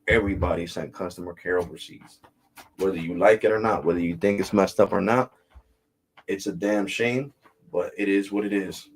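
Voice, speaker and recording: A man with a low voice talks straight into the camera as a tech vlog host. He rants bluntly and casually, peppering his talk with street slang.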